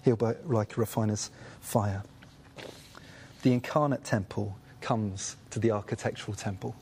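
A man teaching a Bible study group in a lively way, acting out the voices of people in the story. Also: lowish voice, moderate pace, a little hiss or hum.

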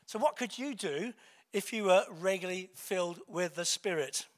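A man's voice: sits high, animated, moderate pace. A man giving a sermon in a conversational way, with fillers, self-corrections and chuckling asides. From England. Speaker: preacher.

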